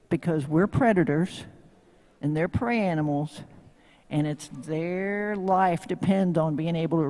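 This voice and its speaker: Long reverb from a big venue surrounds the slightly mellow, mid-range voice of a Tennessee-accented horsemanship instructor giving a live demo talk. His style is folksy and full of jokes, with frequent questions aimed at the audience.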